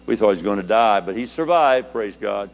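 An older man, a preacher, telling a personal story in a sermon, his voice climbing high with feeling and dropping low and quiet. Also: animated, a little fast, gravelly, faint music behind.

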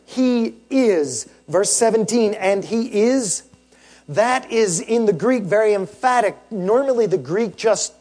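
A man preaching a sermon as pastor, emphatic and measured, often tagging his points with "right?" and asking the congregation rhetorical questions. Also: high voice, a little mellow.

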